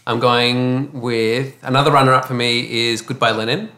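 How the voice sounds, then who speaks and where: Halting man, casual chat. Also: medium pitch, fairly even intonation, pushed and bright. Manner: halting, searching for words. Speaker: podcast panelist.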